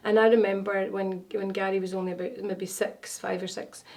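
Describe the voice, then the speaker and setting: Sounding a bit far from the mic, a woman guest on a casual interview, a wellness consultant, tells stories packed with fillers and false starts. Her medium-pitched voice has a level, darkish tone and moves a little fast.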